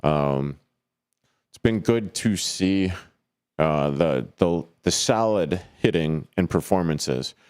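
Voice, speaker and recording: A man hosting a live sports radio show on his own in a studio. He rambles and jokes with plenty of fillers and breaks into sudden high, yelped calls of players' names. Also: lively intonation, takes it slowly, a little mellow, smooth.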